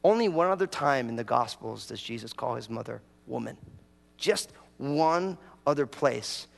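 A pastor from New York preaching a humorous sermon, telling stories with lively acted-out prayers. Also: male voice, mid-range voice, normal speed, vocal fry. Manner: animated storytelling, acts out prayers in a raised voice. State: a bit dehydrated after travel. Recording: hall reverb.

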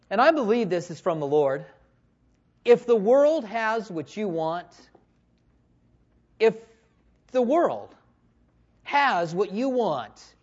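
A man in his forties preaching a sermon with passion, swinging between loud calls and hushed asides. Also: sits high, sing-song, slow, pauses often, lo-fi sound. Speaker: pastor.

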